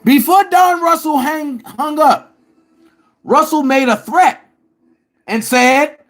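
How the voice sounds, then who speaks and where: High-pitched confrontational man ranting. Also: slow pace, long pauses, a bit bright. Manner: confrontational, addresses his target directly, reads out article passages. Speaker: commentator. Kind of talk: heated vlog commentary.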